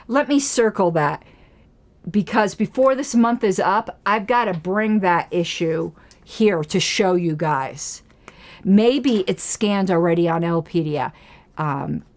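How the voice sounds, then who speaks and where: A woman hosting her own political commentary show from a home studio. She talks in a chatty, rambling way, gets excited, and reads aloud from old newsletters. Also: medium pitch.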